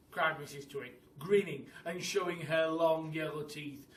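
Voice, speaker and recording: A male primary school teacher reading a storybook aloud to children, expressive and unhurried. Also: fairly high pitch. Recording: echoey room, mic at a distance.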